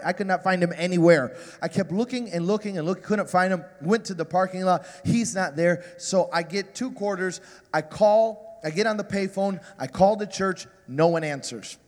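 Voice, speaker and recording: A man in his forties, a guest preacher telling a self-mocking, animated story in a sermon. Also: high voice, in a large hall.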